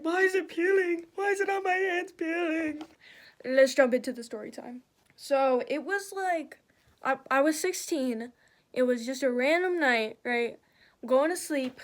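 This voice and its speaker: Her voice sits high as this young woman tells a story during her makeup routine. She keeps it casual, swears often, and animates the retelling.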